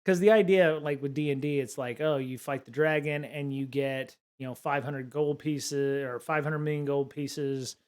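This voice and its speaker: A man's voice: mid-range voice, fairly even intonation, normal speed, few pauses, clean tone. A man hosting a live-stream podcast, talking casually and musing aloud in a rambling way.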